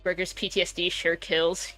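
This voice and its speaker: A playful young woman livestreaming a game, joking loosely between story lines and laughing often. Her voice is bright and a little low-set. She sits close to a dry mic with faint music playing behind her. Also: little pitch movement, normal speed, no room sound. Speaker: streamer. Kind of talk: casual game-stream commentary.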